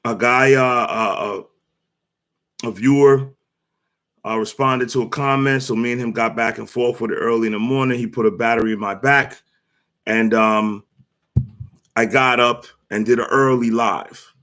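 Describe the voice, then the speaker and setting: A man's voice: medium pitch, steady tone, moderate pace, long pauses, fairly bright tone. A man hosting his own sports talk livestream, chatting loosely and rambling with many fillers and restarts. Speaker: sports talk show host. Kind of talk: casual livestream chat.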